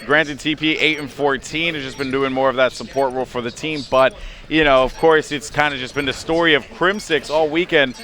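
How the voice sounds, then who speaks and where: An esports caster calls a competitive shooter match play by play, chatting and joking with his co-caster between plays and quoting players in put-on voices. His mid-range voice is brisk and sharp with fairly even intonation, over game gunfire and faint music.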